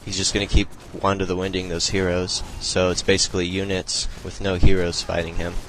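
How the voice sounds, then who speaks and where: A young man with a deep voice and very little rise and fall talks through a strategy game replay at home. His explaining is loose and rambling, full of fillers and restarts. A faint hiss sits under the recording. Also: monotone, fairly quick, a bit bright, poor audio. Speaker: replay commentator. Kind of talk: casual strategy game commentary.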